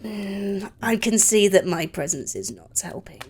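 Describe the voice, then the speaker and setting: A woman's voice: medium pitch, expressive, measured pace, darkish tone, slightly rough. A woman speaking as her character in a tabletop game, hesitant and filler-laden. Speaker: player.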